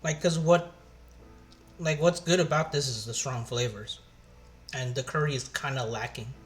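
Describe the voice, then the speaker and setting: A man casually chatting on his cooking live stream, thinking aloud with halting pauses as he tastes the food. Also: medium pitch, faint music behind.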